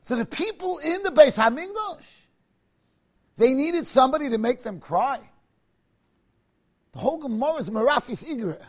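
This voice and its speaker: A man delivers a Talmud lecture in an unusually high voice. He argues with impassioned rhetorical questions and sudden bursts of emphasis, mixing Hebrew and Aramaic terms into his English. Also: expressive, moderate pace, pauses often. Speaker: rabbi teaching Talmud.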